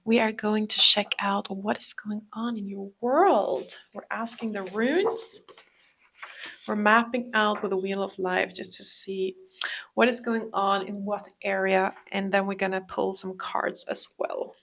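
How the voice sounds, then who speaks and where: A woman giving a calm tarot reading, talking slowly and often dropping into a whisper. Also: medium pitch, gravelly, a little hiss or hum. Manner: slow, calm, drifting into whispers. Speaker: tarot reader. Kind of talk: soft-spoken tarot reading.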